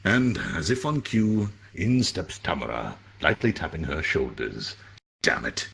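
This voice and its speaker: Deep gravelly man reading a story. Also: unhurried. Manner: expressive, dry asides. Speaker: story reader.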